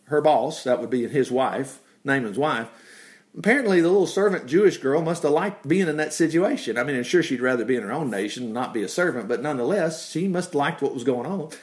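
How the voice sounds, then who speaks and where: A man's voice: mid-range voice, a little fast. A man teaching from the Bible in a conversational preaching style, breaking off for asides and exclamations and chuckling as he explains. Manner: animated, with frequent asides and exclamations.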